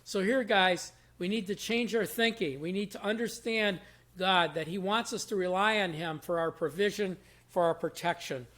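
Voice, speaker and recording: Bible teacher, casual short devotional, everyday wording, repeats and restarts phrases, mid pitch. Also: normal speed, a bit bright. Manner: plain-spoken, explains verses in everyday words; repeats and restarts phrases while thinking aloud.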